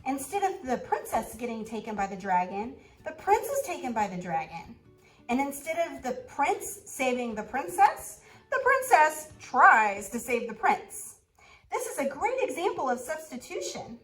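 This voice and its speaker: A woman kindergarten teacher reading a storybook aloud and asking the children questions in an animated way. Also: high-pitched, rough recording. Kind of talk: storybook read-aloud and lesson.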